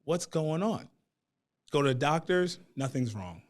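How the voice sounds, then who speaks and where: A man in his thirties telling a personal story at a community town hall, animated and acting out what people said. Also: fairly high pitch, unhurried. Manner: animated, acts out quotes.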